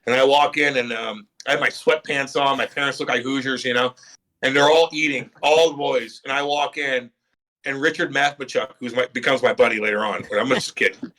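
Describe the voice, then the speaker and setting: A man's voice: medium pitch, brisk. A middle-aged man, a former pro hockey player, telling stories in a casual podcast chat, acting out quotes and swearing freely. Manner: animated storyteller, acts out quotes, swears freely.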